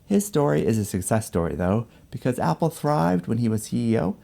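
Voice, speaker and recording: A man giving measured, scripted narration for an explanatory video essay. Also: medium pitch, big pitch swings, gravelly, dark tone.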